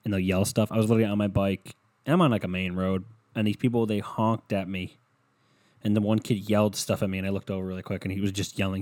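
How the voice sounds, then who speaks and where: Man, low-pitched, young adult, profane, rambling, self-mocking podcast host, headset mic, dry sound. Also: level tone, fast, a little mellow, no echo. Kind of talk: casual solo podcast rant.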